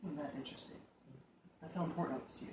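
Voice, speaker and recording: A woman's voice: sits low, steady tone, racing, noisy background. A woman hosting an interview, reacting with short exclamations and follow-up questions. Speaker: interview host. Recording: echoey room, distant mic, faint ambience.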